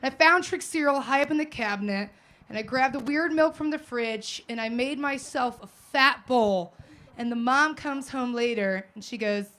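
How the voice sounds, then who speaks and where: A female comic telling a story on stage in a high, bright voice. She slips into quoted voices and punches her lines with shouts. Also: moderate pace. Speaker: stand-up comedian. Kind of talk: stand-up comedy set. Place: comedy venue with live audience.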